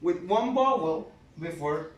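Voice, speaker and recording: A man teaching an English grammar lesson, slow and patient, spelling out letters one by one. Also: high-pitched, expressive. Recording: echoey room, mic at a distance.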